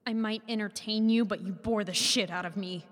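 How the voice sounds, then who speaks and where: An actress playing a blunt, profane young changeling who bargains with a fae ruler in an audio drama. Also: female voice, mid-range voice, steady tone, moderate pace, long reverb tail, close to an everyday voice. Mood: bargaining. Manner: blunt, sharp-tongued, profane.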